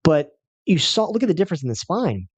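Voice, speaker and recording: A man's voice: on the high side, sing-song, a little fast, husky, no echo. A man giving a health seminar as a chiropractor, telling a patient's story with emphatic, repetitive phrasing.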